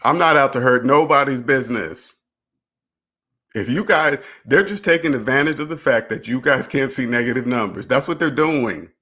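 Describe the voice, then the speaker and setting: A man's voice: medium pitch, normal speed, bright, forceful tone. Man, finance channel host, casual to-camera rant, emphatic and preachy, blunt with profanity, keeps asking rhetorical questions. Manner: blunt and profane, with brief laughs. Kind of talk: casual direct-to-camera monologue.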